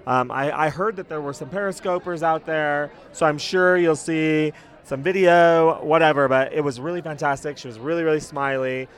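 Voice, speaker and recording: Man, podcast host, enthusiastic, chatty, slightly high voice, a bit sick, outdoor city setting. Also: normal speed. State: sick, cold. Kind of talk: casual after-show chat.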